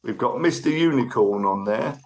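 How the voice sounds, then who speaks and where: At normal speed and with animated delivery, a man with a medium-pitched, slightly mellow voice chats casually on his livestream. He reads viewer comments, thanks people by name and has a tickly cough, on a low-quality recording.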